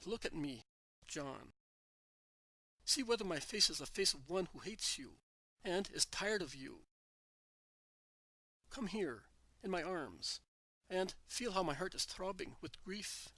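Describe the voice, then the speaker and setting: A man reading aloud, voicing a grieved gentle teacher consoling his weeping friend tenderly. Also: high-pitched, lively intonation, slow, pauses often, no echo, heavily acted, poor audio. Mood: tender grief.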